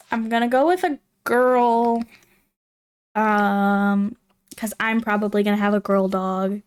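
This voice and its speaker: A woman's voice: mid-range voice, steady tone, takes it slowly, clear, resonant tone. A young woman streamer chatting casually and rambling aloud while she plays a game, with frequent giggles. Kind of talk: casual livestream chat while playing a game.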